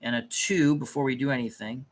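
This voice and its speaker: A man's voice: mid-range voice, fairly even intonation, brisk. A man casually thinking aloud as he plays a tabletop dice game, often muttering and correcting himself. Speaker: tabletop game player and channel host.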